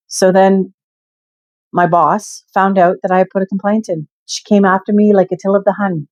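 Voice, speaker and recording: A woman's voice: deep voice, darkish tone, no echo. An older woman frankly telling a personal story to her viewers, emphatic and candid. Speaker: vlogger.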